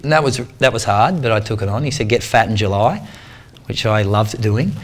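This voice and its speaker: A man in his forties giving a talk to a club, telling a story in a lively, slangy way and acting out what people said. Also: on the low side, a little fast. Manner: animated, slangy storyteller who acts out the people in his stories. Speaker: guest speaker, triathlete.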